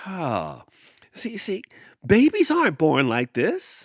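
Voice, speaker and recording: An animated podcast man with a lively voice. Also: on the high side, slow, dry recording, clean studio sound. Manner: animated, repeats words as he thinks; uses y'all. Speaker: podcast host. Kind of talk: storytelling and reflective talk.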